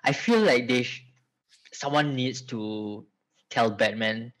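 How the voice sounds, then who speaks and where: A man co-hosting a casual podcast chat, relaxed and thinking aloud with "uh" fillers. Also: medium pitch, slow, poor audio. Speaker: podcast co-host.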